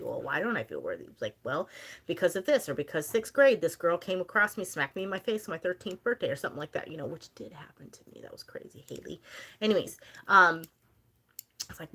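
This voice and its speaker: Young female streamer, casual and talkative, slightly low pitch, answers her chat. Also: animated, fast, fairly bright tone. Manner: chatty, rambling, reads viewer comments aloud. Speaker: livestream host.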